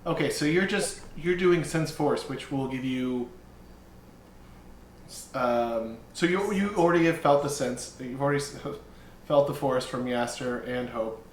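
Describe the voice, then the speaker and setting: A man running a tabletop game as game master, narrating and chatting in a relaxed way with quick, laughing asides. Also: mid-range voice. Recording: roomy sound with faint ambience.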